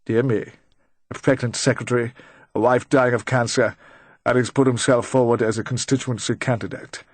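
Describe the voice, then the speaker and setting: A man's voice: mid-range voice, fairly even intonation, normal speed, dry recording, lightly acted. Shrewd, probing male official with dry, leading questions, read by a man, plain close-miked voice, dry sound.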